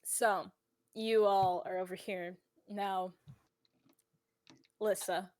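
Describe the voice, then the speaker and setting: A woman's voice: mid-range voice, little pitch movement, very slow, darkish tone, no room sound. Woman, game master, tabletop narration, casual, swears, dry close sound. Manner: casual and swearing, with lots of fillers.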